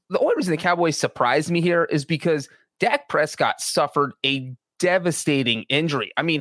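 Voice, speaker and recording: A man who writes about sports and co-hosts a podcast talks through his opinions in casual analysis, chatty and full of restarts and asides. He has a high, somewhat bright voice, and the recording is dry.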